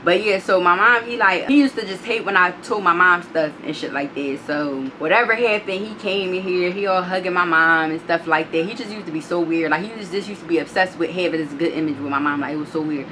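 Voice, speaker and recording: A woman's voice: on the low side, brisk, few pauses, background noise. A young woman telling a story in casual vlog style, blunt and profane, acting out the other people's lines as she quotes them.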